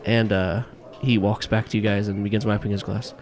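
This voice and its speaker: Man, game master narration, low voice, halting, lots of fillers. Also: flat delivery, darkish tone. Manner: halting, many fillers and restarts.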